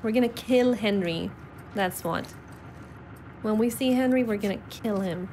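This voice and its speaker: A woman's voice: mid-range voice, unhurried, a little mellow, slight background noise. A young adult woman streamer giving casual, self-deprecating commentary while playing and talking to her chat. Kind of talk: casual live gameplay commentary.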